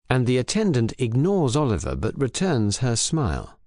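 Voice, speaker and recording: Man reading a crime audiobook, clear and measured, dry close sound. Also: medium pitch, big pitch swings, a little mellow, no echo. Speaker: audiobook reader. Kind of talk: scripted narration for English learners.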